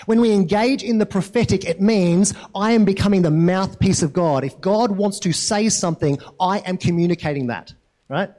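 Male preacher, fairly high voice, conversational sermon, keeps asking the room questions. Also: moderate pace, dark tone. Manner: conversational, asks the congregation questions, frequent tag "right?". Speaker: pastor.

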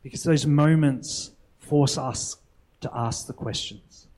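A man's voice: medium pitch, slow, darkish tone, low-quality recording. A young adult man preaching a sermon in an earnest, reflective way, often posing rhetorical questions to the congregation.

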